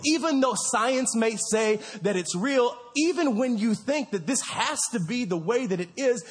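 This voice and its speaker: A man's voice: very high voice, husky. A man in his thirties preaching a sermon, telling a story in a casual, conversational way with lots of fillers and restarts. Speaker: pastor. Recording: reverberant hall.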